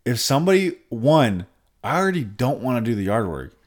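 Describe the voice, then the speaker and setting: A young man co-hosting a podcast, chatting casually about a reality show, swearing freely and getting worked up as he acts out the people he quotes. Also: brisk. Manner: profane, animated, acts out quoted people in a high voice. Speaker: podcast co-host.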